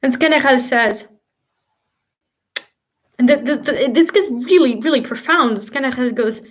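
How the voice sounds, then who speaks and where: Excited lady gushing about a play on her livestream, kinda high voice, lots of ums. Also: normal speed, rough recording. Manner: enthusiastic, gushing, with frequent fillers. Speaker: literature channel host. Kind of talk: casual livestream book discussion. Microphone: home livestream mic.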